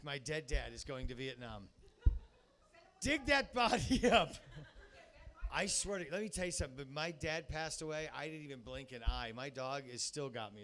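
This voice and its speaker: A man hosting a comedy night in a bar, rambling and excitable, shouting introductions. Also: mid-range voice. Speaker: host. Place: comedy bar, live audience.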